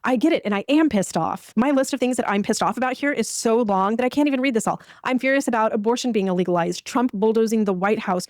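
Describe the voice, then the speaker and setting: A woman delivering scripted commentary in a brisk, indignant way, listing complaints. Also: a little high, a little mellow, no room sound, clean studio sound. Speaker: commentary creator in a played clip.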